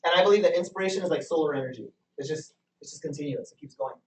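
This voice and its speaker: Man, business trainer, motivational group talk, energetic, asks audience questions, roomy echo, distant mic. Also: fairly high pitch, rapid-fire. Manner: energetic, keeps asking the audience questions and repeats himself for emphasis. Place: meeting room with a live audience. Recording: echoey room from far off.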